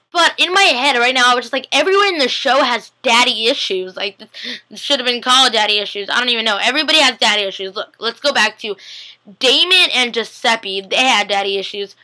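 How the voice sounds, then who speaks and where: Young woman gushing thru a tv recap, giggly, kinda high voice, does little character voices. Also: animated, pushed and bright, poor audio. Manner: chatty, giggly, acts out the characters' lines in quick voices. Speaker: fan vlogger recapping a TV episode. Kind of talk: casual chat.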